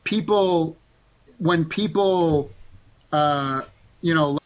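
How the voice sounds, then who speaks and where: A man's voice: a little high, very slow. A man answering interview questions in a rambling, defensive way with many fillers. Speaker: interview guest.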